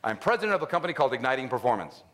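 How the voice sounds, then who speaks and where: A middle-aged man giving an animated storytelling talk at a faith event, acting out scenes with loud outbursts. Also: mid-range voice, rapid-fire, heavy background noise. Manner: animated, acts out scenes with loud shouts and laughs.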